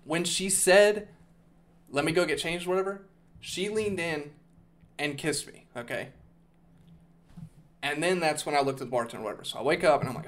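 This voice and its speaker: A man's voice: on the high side, normal speed, pauses often. A man hosting a podcast, casually telling a long story, rambling and swearing, with "okay?" and "dude" thrown in. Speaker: podcast host.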